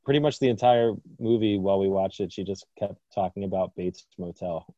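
Dry, deadpan man on a muffled mic. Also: sits low, brisk, no room sound. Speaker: podcast co-host. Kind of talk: casual podcast banter.

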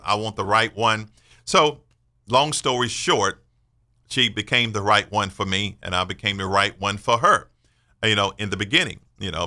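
A man in his sixties with a low, pushed, bright voice hosts a faith-based radio talk show. He speaks earnestly and emphatically, sermon-like, sharing personal testimony.

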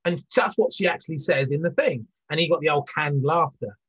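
A man's voice: on the high side, fairly quick, a bit bright, breathy edge, muffled recording. A man talking in a rambling, earnest way as an interview guest, full of restarts and fillers. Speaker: guest, business leader. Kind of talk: conversational interview.

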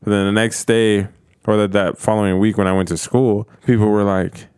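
A man's voice: on the low side, fairly even intonation, brisk, darkish tone, smooth, no room sound, clean studio sound. A man telling a story in a casual chat among friends, laid-back and profane, laughing easily.

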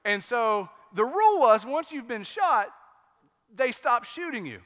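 A man pastor preaching a sermon, telling stories with lively acted-out quotes. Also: very high-pitched, unhurried, big-room sound. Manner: storytelling, animated, acts out quotes. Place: church sanctuary.

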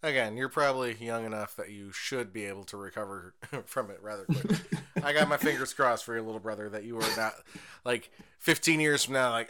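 A man's voice: medium pitch, brisk, sharp tone. A young man co-hosting a podcast, chatting casually, swearing and joking at his own expense, often breaking into laughter. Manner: laughing, profane, self-mocking. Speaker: podcast co-host. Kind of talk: casual chat.

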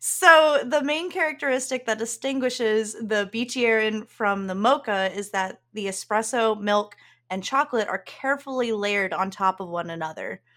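A woman's voice: fairly high pitch, a little slow, a bit bright. A woman co-hosting a podcast, explaining things in casual chat and laughing often. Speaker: podcast co-host.

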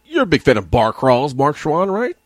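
A man's voice: a little high, very animated, normal speed, no echo, clean studio sound. A man co-hosting a podcast in casual chat, joking and reading quotes aloud. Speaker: podcast co-host.

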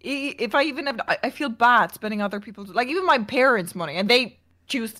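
A young woman chatting casually as a podcast co-host, relaxed and trailing off into quiet asides. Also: on the high side, fast talker. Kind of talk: casual chat.

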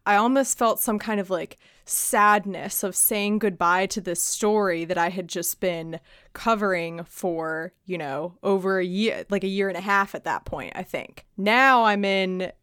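A young woman hosts a podcast in a smooth, clear voice. She chats casually, slangy and quick to laugh. The recording is dry and close. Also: mid-range voice, fairly bright tone, no room sound. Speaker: podcast host.

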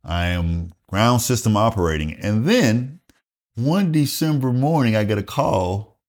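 A man's voice: on the low side, unhurried. A middle-aged man from South Carolina, a retired Air Force master sergeant, telling stories casually with lots of swearing and acted-out dialogue. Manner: animated, profane, acts out dialogue. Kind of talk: casual storytelling interview.

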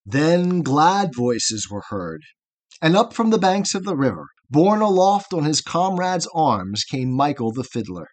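A man narrating an epic poem for an audiobook, reading in a measured, rhythmic way. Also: a little high, sing-song.

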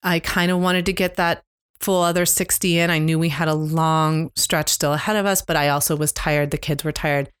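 A woman's voice: low-pitched, fairly even intonation, clean tone, no room sound, studio quality. Candid woman telling a hard story. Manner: candid, emotional, halting retelling. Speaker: podcast co-host. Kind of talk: casual storytelling chat. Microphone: close podcast mic.

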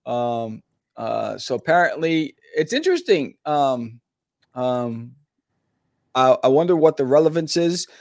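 A man's voice: mid-range voice, big pitch swings, a little slow, gravelly, a little mellow, no echo, clean studio sound. A man co-hosting a casual chat, laid-back with slang and lots of fillers. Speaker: podcast co-host, comic artist.

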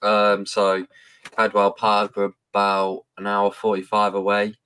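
Deep-voiced West Midlands English man. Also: a little slow, clean tone, dry recording. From England. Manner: relaxed, hesitant with ums. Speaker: racing guest. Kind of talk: casual interview chat.

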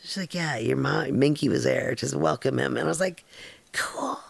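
A woman's voice: a bass voice, fairly quick, gravelly, slightly rough, no room sound. A middle-aged woman hosting a podcast, rambling through a personal story in a frank, casual way, with laughter and casual swearing. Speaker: podcast host.

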